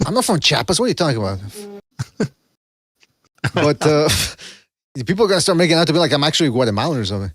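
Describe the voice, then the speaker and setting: A man's voice: on the high side, very animated, quick pace, long pauses, a bit bright, no echo, studio quality. A man hosting a casual podcast, joking, laughing often and drifting into asides. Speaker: podcast host.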